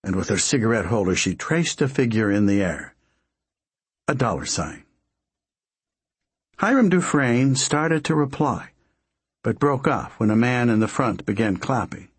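A man narrates a story in a measured, wry audiobook reading. His voice is breathy and slow-paced, with lively pitch movement and a dry, close sound. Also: no echo.

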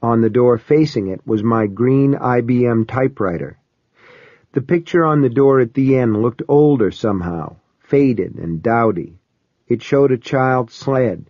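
A man reading a first-person story aloud as an audiobook narrator, in a steady, measured storytelling manner. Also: mid-range voice, no room sound. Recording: dull, slightly lo-fi dry recording.

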